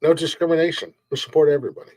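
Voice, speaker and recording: A man co-hosting a loose comedy podcast, his voice sitting a little higher than most men's. He curses constantly, loses his train of thought and rambles. He also breaks into booming wrestling-announcer promos. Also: fairly even intonation, very fast, a little mellow. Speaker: podcast co-host. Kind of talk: casual comedy podcast banter.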